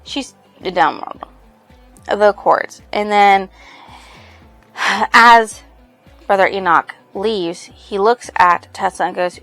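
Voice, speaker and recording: A woman's voice: mid-range voice, slow, long pauses, fairly bright tone, faint music behind. A woman casually summarizing a book's plot as a book reviewer, rambling loosely with lots of fillers. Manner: rambling, full of fillers and "she's like".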